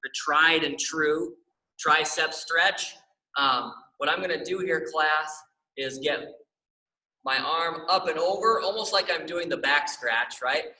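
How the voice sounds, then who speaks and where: Young male instructor, bright forceful voice, echoey room, upbeat and encouraging. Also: on the high side, takes it slowly, recorded from a distance. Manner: upbeat, encouraging, checks in with class often. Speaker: exercise class instructor. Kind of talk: guided stretching class.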